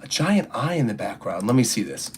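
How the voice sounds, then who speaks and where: A man's voice: medium pitch, very animated, fairly quick, a little hiss or hum. A young man chatting casually on a livestream, rambling through his thoughts and reading viewer comments aloud. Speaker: streamer reacting to a comic chapter.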